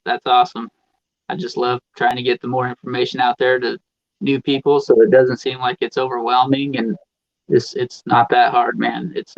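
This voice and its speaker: A man's voice: mid-range voice, gravelly. A laid-back man from Nebraska co-hosting a podcast, giving brief, easygoing replies. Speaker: podcast co-host. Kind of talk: casual chat. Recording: dull lo-fi remote line.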